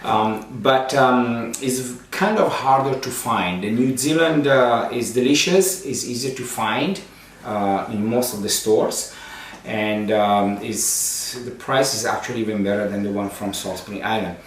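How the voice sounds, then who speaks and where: A man's voice: lowish voice, unhurried. A man, a priest hosting a cooking show, chatting playfully with many ums and uhs. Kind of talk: casual cooking demonstration. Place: kitchen. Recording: very echoey room, distant mic, faint noise.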